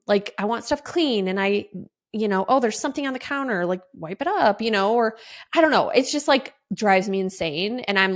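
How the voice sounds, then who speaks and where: A woman in her forties hosting a podcast, telling a rambling, exasperated story in a casual style and swearing freely. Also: mid-range voice. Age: 40s. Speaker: podcast host.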